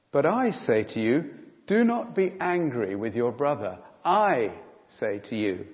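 A man preaching a sermon in church, emphatic and animated, with frequent fillers. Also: on the high side. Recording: dull sound in a reverberant hall.

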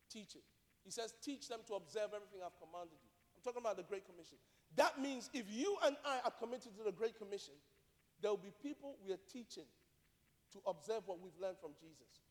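A man preaching with a high, ringing voice that carries through a large, reverberant hall. He talks emphatically, repeating key phrases and asking the congregation pointed rhetorical questions. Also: brisk, darkish tone. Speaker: pastor. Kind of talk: sermon.

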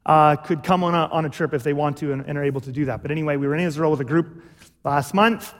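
A man's voice: a little high, fairly even intonation, fast, in a large hall. A male pastor preaching a sermon, explaining step by step and often checking in with "okay?". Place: church.

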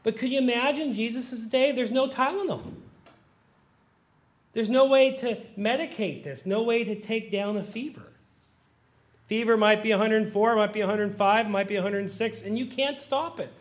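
A middle-aged pastor delivers a sermon in a voice that sits high, at a moderate pace. He moves from quiet musing to loud, impassioned pleading as he acts out prayers.

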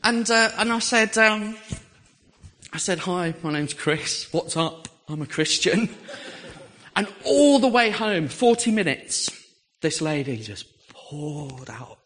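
An English man preaching, telling a personal story with lively, animated delivery and acting out the voices he quotes. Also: fairly high pitch. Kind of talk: storytelling sermon.

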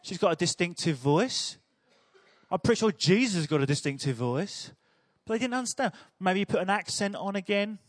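A man's voice: high voice, lively intonation, fairly quick, no echo, clean studio sound. A man preaching a sermon in a chatty, humorous storytelling way.

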